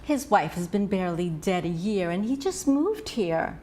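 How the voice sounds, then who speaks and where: A woman's voice: on the low side, very animated, moderate pace, darkish tone, slight background noise. An older woman acting a hopeful friend smitten with a new man, eager and gushing, in a TV drama.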